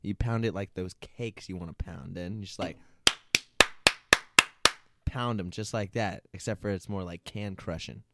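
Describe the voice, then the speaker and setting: Laid-back low-voiced young man. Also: normal speed, long pauses, very noisy. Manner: laughing, swearing, jokey banter. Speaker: podcast co-host. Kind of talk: casual chat.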